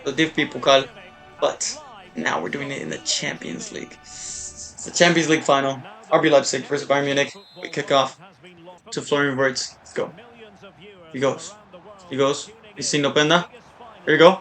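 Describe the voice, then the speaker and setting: A man giving casual, rambling live commentary while playing a soccer video game, often breaking into excited shouts and cheers. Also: fairly high pitch, moderate pace, pauses often. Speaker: gaming YouTuber.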